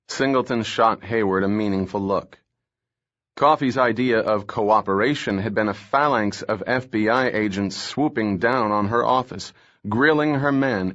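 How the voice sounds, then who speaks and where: A man narrating a thriller audiobook in a steady, measured reading voice. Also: lowish voice, dull audio.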